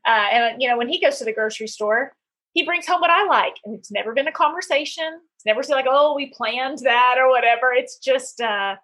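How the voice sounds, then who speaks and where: Chatting casually with her guest, a middle-aged podcast host tells personal stories peppered with fillers. She speaks fairly quickly in a high, animated, slightly bright voice, keeping the interview conversational.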